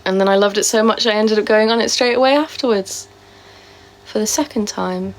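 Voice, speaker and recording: Woman, casual live streamer, sore throat, chatty and rambling, mid-pitched. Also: brisk, slight background noise. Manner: chatty and rambling, with many fillers. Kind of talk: casual live-stream chat answering viewer comments.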